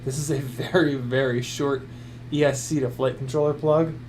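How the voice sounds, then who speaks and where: A man's voice: medium pitch, fairly even intonation, moderate pace, a little mellow, a little hiss or hum, voice pushed down, close to an everyday voice. A man putting on a clueless, oblivious gadget reviewer, talking in a silly mock-naive way during an unboxing.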